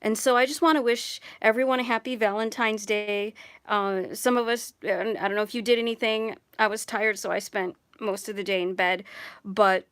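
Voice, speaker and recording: A woman's voice: a little high, fairly bright tone, smooth, no echo, clean studio sound. A young adult woman talking chattily to camera in a personal vlog, wandering between asides and correcting herself as she goes. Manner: chatty, digressive, self-correcting. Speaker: vlogger.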